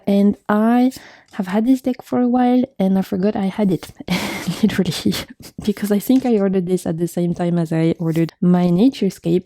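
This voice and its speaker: Gushing woman, gravelly low voice. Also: dark tone, dry recording. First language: French. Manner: enthusiastic, gushing, frequent laughs and fillers. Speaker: tarot vlogger. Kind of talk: casual chat showing tarot decks.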